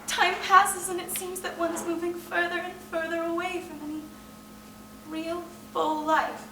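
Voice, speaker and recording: A woman's voice: very high voice, little pitch movement, a little slow, noisy background. A young actress in her twenties playing a despairing, overwrought young woman in a live stage play, heard from afar. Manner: emotional, pleading, breaking into outbursts. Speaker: stage actor. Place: theatre stage. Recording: roomy stage sound from far off.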